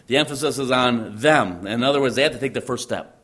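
Male preacher, medium pitch, emphatic teaching delivery, repeats key words. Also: brisk, fairly bright tone. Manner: emphatic, repeats phrases, quotes in a commanding voice. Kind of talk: sermon teaching.

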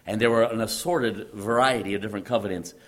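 A man's voice: on the low side, quick pace. A man preaching a sermon, teaching emphatically and repeating phrases for stress.

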